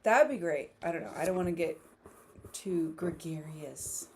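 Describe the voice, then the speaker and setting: A woman's voice: fairly low pitch, moderate pace, darkish tone, a little hiss or hum. A woman hosting a casual writing livestream, chatting, laughing often and reading viewer comments aloud. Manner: giggly, reads chat aloud. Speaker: livestream host.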